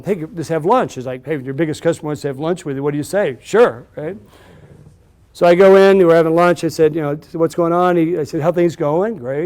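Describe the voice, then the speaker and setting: A man telling a story to a live audience at an event, acting out the dialogue with lively restarts. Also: on the high side. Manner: animated storyteller, acts out dialogue, frequent restarts. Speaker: entrepreneur speaker at a live event.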